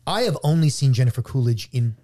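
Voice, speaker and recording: A man's voice: medium pitch, animated, fast, dark tone. A man co-hosting a podcast, chatting casually with wry, teasing humor. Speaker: podcast co-host. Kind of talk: casual chat.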